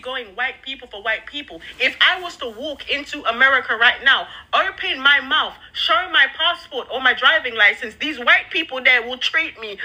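Woman, British accent, very sharp tone, casual rant, confrontational, swearing. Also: sits high, normal speed, hardly any pauses. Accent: British English. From England.

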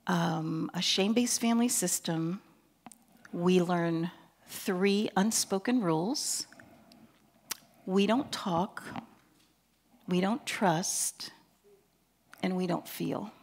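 Woman in her sixties, counseling professor; reflective, filler-heavy seminar talk that often drops soft. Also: fairly low pitch, very slow, gravelly, long pauses. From Pennsylvania. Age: 60s. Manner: reflective and conversational, with frequent fillers.

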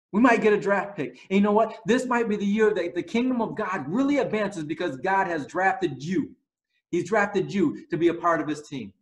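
A man preaching a sermon, telling lively stories and closing in soft prayer. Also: high voice. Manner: animated storytelling, rising to loud exclaims. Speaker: pastor.

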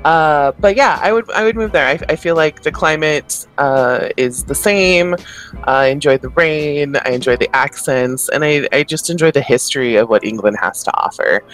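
A man's voice: fairly high pitch, normal speed, a bit bright, low-quality recording. Chatty hesitant man, faint music behind. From Pacific Northwest of the United States. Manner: hesitant, repeats words and laughs often. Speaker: podcast co-host. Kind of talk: casual chat.

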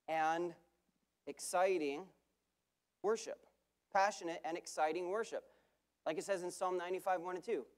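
A man, a guest preacher, delivering a sermon with emphatic repeated phrases and quick self-correcting asides. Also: high voice.

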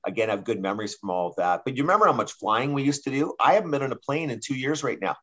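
Middle-aged canadian guy, talks fast, cracks dry jokes at himself. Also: mid-range voice, animated, bright, forceful tone. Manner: quick, self-deprecating jokester. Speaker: guest author. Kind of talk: casual interview chat.

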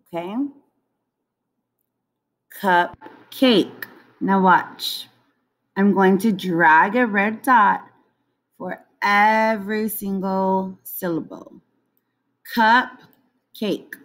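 A young woman teaching a children's lesson on syllables, modeling words slowly and clearly. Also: mid-range voice. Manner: slow, clear, drawn-out word modeling.

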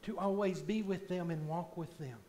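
A man preaching a sermon as pastor in a church, slow and deliberate, swelling loud on key points. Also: high voice, a little hiss or hum. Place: church sanctuary.

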